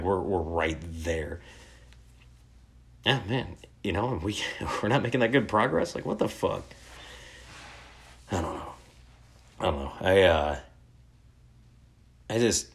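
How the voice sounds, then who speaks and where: A man in his thirties telling casual, rambling stories, laid-back and full of swearing. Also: low voice. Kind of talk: casual storytelling.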